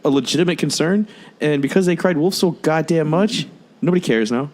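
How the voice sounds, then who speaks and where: A fairly high-voiced man talking loosely on a podcast. He is blunt and exasperated and drops curses into almost every sentence. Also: brisk, a little mellow. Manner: blunt, exasperated, swears a lot. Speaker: podcast co-host. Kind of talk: casual profane chat.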